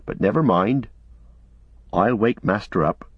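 A man's voice: fairly low pitch, lively intonation, measured pace, slightly rough, no echo. A man playing a loyal, plain-spoken male hobbit servant with homely, rustic turns of phrase, on a dull lo-fi recording. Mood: resigned.

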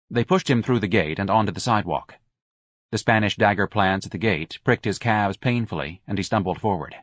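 Husky male audiobook narrator. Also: fairly low pitch, a little fast, no room sound, clean studio sound.

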